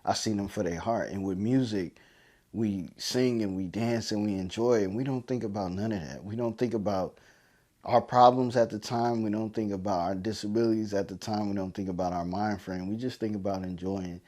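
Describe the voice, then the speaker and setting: A man's voice: on the low side, steady tone, normal speed, darkish tone. A man hosting a podcast, telling heartfelt family stories, choked up and emotional, with many fillers. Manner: heartfelt, repetitive, lots of fillers. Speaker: podcast host. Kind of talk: emotional personal storytelling.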